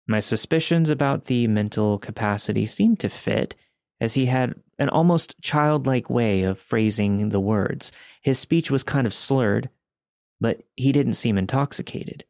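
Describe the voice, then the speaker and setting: A man hosting a podcast, narrating a scary true-story submission in a steady, measured way. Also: medium pitch, vocal fry, dry recording, clean studio sound. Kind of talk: scripted horror story narration.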